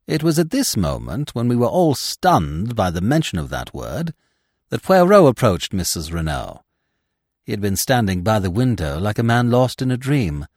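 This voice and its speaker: Deep-voiced, expressive male storyteller. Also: dry recording, clean studio sound. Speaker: narrator. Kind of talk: scripted narration of a classic mystery.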